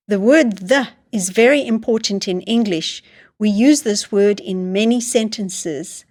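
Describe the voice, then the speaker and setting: A woman teaching English phonics to learners, sounding out each word slowly and repeating it. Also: mid-range voice, a little mellow. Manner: slow, deliberate, sounding out words with repetition. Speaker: reading teacher.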